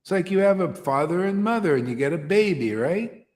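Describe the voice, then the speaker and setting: Male spiritual teacher, high voice, rambling informal sermon, long hall echo. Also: animated, a little fast, a little mellow. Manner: rambling, slangy, repeats and stumbles.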